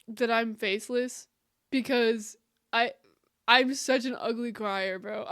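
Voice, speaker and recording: Giggly woman streamer chatting with her viewers, kinda high voice, emotional, unhurried. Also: fairly even intonation, a bit bright. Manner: giggly, often laughing, calls viewers "bro"; emotional and effusive. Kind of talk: casual live-stream chat.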